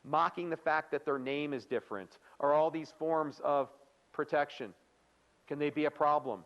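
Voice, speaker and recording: A man's voice: on the high side, normal speed, fairly bright tone, lo-fi sound. Man lecturing a training class. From United States. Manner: conversational, quizzes the audience with questions; playful, acts out quoted remarks. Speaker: workplace harassment trainer.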